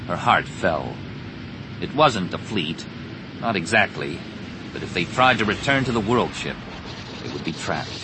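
Deep-voiced male audiobook narrator, lively and dramatic. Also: a little slow, pauses often. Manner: dramatic, varied, drops soft on grave lines. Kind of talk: expressive story narration. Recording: noisy recording.

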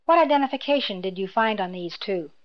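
A woman voicing a cold, menacing male imperial officer who speaks in a quiet, clipped, mocking tone, in a slightly dull lo-fi recording. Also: mid-range voice, lively intonation, a little fast, close to an everyday voice.

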